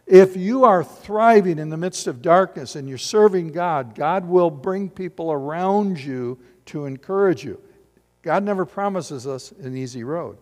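A middle-aged man pastor preaching a sermon in a church, animated and full of rhetorical questions to the congregation. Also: on the high side, a little slow. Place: church sanctuary. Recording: long hall reverb.

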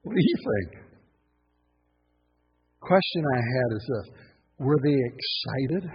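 A man preaching a sermon, full of questions and playful asides, dropping to a hush and then bursting out loud. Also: medium pitch, sing-song, slow pace, husky, big-room sound, dull audio, soft background music. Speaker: pastor.

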